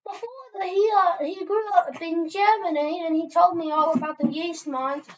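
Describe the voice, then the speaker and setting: A woman's voice: very high-pitched, steady tone, moderate pace, highs cut off. A woman playing a stammering meek sweep boy. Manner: stammering, hesitant. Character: young German-British chimney-sweep boy, meek.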